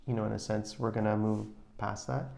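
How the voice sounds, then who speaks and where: A man co-hosting a podcast with his wife, talking in a measured, reflective way with frequent restarts. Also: on the low side, level tone, vocal fry, dark tone. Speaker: podcast co-host, husband. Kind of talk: casual advice chat.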